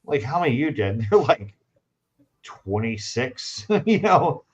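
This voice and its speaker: A man hosting a podcast in casual chat, telling stories with lively acted-out quotes. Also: on the high side, moderate pace, husky. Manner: animated storyteller, acts out quoted dialogue. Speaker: podcast host. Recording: dull lo-fi sound.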